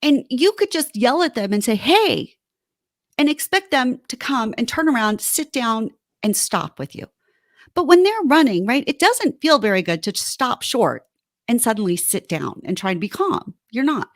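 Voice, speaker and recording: Animated high-voiced woman co-host. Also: moderate pace, dry recording, clean studio sound. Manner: animated, acts out heated quotes. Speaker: podcast co-host. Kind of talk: casual relationship advice chat.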